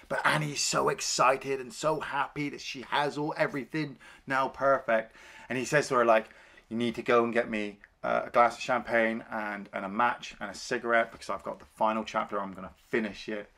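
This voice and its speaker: A man's voice: mid-range voice, little pitch movement, a little fast, vocal fry, bright, forceful tone. A man co-hosting a film review podcast, casually retelling scenes and acting out the characters' lines.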